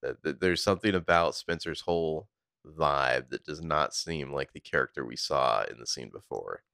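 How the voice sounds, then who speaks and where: A man with a very low voice talks through a TV episode in a relaxed, chatty way. He quotes lines from the scenes as he goes and swears casually. The sound is dry and close, with no room around it. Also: creaky, no room sound. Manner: laid-back, recounting scenes with quick quoted lines and swearing. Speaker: podcast co-host recapping a TV episode. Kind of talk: casual chat.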